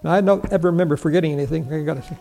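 Preaching and teaching from the Bible, an elderly man fills a large, echoing hall with a high, gravelly, mellow voice. He races along, posing questions to the audience, answering them on his own and laughing softly. Slight background noise is audible.

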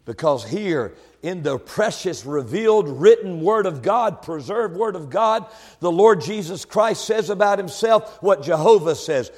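A male preacher delivering a sermon, swinging between quiet, conversational asides and loud, shouted proclamations. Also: high-pitched, expressive, unhurried, in a large hall.

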